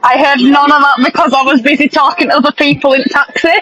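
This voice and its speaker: A woman's voice: high-pitched, fairly even intonation, fast talker, sharp tone, a little hiss or hum, low-quality recording. A woman on a fan podcast giving offhand, blunt opinions. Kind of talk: casual fan podcast chat.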